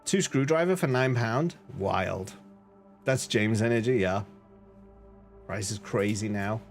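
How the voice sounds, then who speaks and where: A man's voice: on the low side, takes it slowly, soft background music. A man chatting casually on a live stream, laughing often and reading out chat messages. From northern England.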